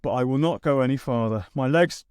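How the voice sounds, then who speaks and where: A man's voice: medium pitch, brisk, darkish tone, clear, resonant tone, no echo, clean studio sound, natural voice. A man voicing a worn-out, fearful young soldier in an audiobook, strained and pleading.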